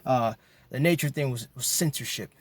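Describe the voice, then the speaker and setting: A man's voice: medium pitch, normal speed. A man delivering an impassioned monologue to his viewers, emphatic and ranting, often repeating words as he gets worked up. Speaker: video commentator.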